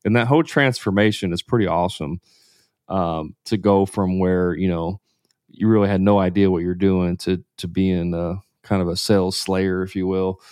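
A man co-hosting, explaining things in a relaxed way with easy fillers. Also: sits low, normal speed, clear, resonant tone, no echo, clean studio sound. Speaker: co-host. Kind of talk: casual chat.

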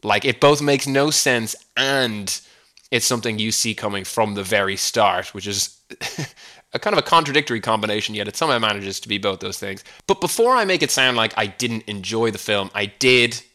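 Irish man, comic monologue, lowish voice, bright forceful tone, wry rambling. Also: expressive, normal speed. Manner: wry, rambling, chuckling asides. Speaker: podcast host. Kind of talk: comedic solo monologue.

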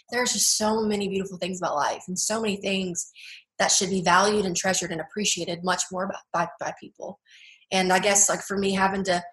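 A young woman speaking earnestly and a little haltingly, her sentences full of filler words and restarts. Her voice sits at an ordinary pitch for a woman. The room around her rings with a noticeable echo. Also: a bit bright. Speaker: guest. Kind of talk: personal testimony interview.

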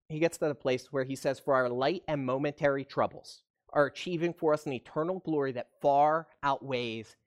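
Conversational pastor preaching online. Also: male voice, on the high side. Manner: conversational preaching, asks the audience questions. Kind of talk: livestreamed sermon.

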